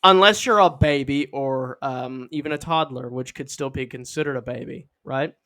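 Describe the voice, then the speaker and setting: A man's voice: medium pitch, pushed and bright. A young man co-hosting a podcast in casual comedic chat, joking, laughing often and acting out little scenes. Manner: joking, acts out scenes with quick voices, laughs a lot. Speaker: podcast co-host.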